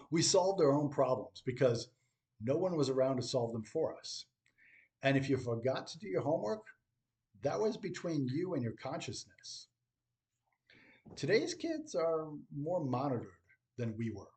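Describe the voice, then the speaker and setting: A middle-aged man delivering scripted commentary in a dry, wry tone. His pitch sits at an ordinary middle level, and he leans on deliberate pauses between phrases. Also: a little mellow. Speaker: teacher.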